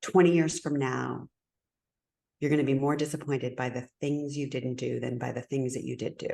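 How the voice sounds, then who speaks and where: Female client voice; raspy edge, earnest practice reading. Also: rumbling low, fairly even intonation, normal speed, dark tone. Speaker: coaching client, spiritual coach. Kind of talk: practicing telling her story.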